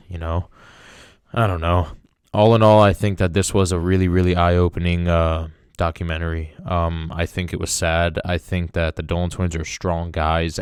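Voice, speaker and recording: A man's voice: low-pitched, smooth, dry recording, studio quality. A young man hosting a podcast, giving a casual, emotional review in a rambling way, full of fillers like "dude" and "man". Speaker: podcast host.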